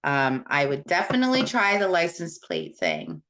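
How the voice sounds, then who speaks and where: A woman's voice: lowish voice, huge pitch swings, normal speed, a bit bright. A woman from Puerto Rico hosting a casual live stream, answering viewer comments in a rambling, candid way with many fillers. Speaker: host.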